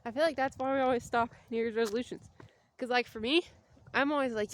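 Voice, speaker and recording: A woman's voice: high-pitched, fairly quick, a little hiss or hum. A young adult woman vlogging outdoors on a cold winter walk, talking in a rambling, chatty way with jokey asides. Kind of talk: casual walking vlog.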